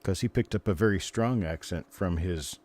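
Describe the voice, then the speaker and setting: A man's voice: sits low, normal speed, darkish tone. An older man hosting a live stream, chatting in a casual, rambling way as he greets and answers viewers.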